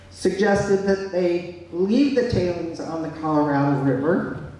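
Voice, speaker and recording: An older man at a public hearing, telling a family story in a deliberate, reflective way. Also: sits high, darkish tone, a little hiss or hum. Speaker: public commenter. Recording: echoey hall, voice from far off.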